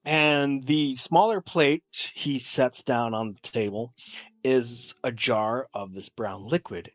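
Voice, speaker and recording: A man runs a tabletop game, describing the scene in measured, thoughtful narration. His voice sits at an ordinary middle pitch. The sound is dry and close, with faint music in the background. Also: no room sound. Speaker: game master.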